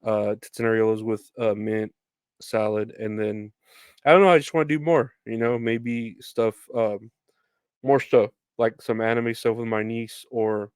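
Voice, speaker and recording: A man's voice: on the low side, little pitch movement, measured pace, a little mellow, smooth, dry recording, studio quality. A young man hosting a podcast, telling stories in a rambling, casual way with swearing and laughter. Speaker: podcast host. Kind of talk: casual solo storytelling.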